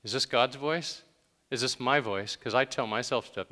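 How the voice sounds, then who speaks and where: A man's voice: medium pitch, normal speed, pushed and bright, in a large hall. A man preaching a sermon in a conversational way, with sudden emphatic bursts. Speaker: pastor.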